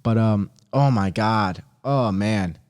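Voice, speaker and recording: A young man hosting a podcast, telling stories in an excitable, slangy, animated way. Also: lowish voice, slow, clean tone. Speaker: podcast host. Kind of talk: casual solo podcast chat.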